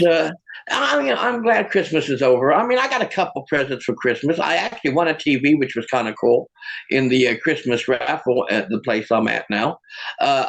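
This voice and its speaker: This is a man doing stand-up comedy and a little magic, filmed on his own camera. His voice is somewhat high, with a gravelly rasp. He tells self-mocking stories, stammering and restarting as he goes. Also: a bit bright, poor audio.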